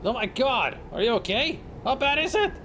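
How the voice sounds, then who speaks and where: A man voicing a furious, unhinged male outlaw in a horror game, with frantic shouting. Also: very high voice, sing-song, normal speed, a little hiss or hum, voice pushed up, full character voice.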